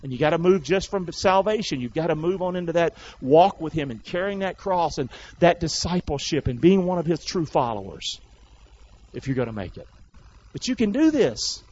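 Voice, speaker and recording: A man preaches a sermon with a high, animated voice that swoops and climbs. He throws questions out to his congregation and answers them himself in bursts. The recording sounds dull and lo-fi. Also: fairly quick, slightly rough. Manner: call-and-response preaching, rising to shouts. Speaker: pastor.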